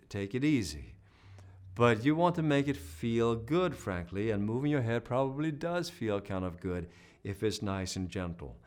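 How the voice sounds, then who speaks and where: A man with a mid-range voice coaches a singing lesson, modeling vocal sounds and sung notes and keeping his commentary encouraging.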